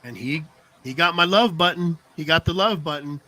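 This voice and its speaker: A middle-aged podcast co-host tells rambling stories in casual chat, laughing often and checking in with "you know what I mean". His voice sits on the high side, bright and forceful, at a moderate pace.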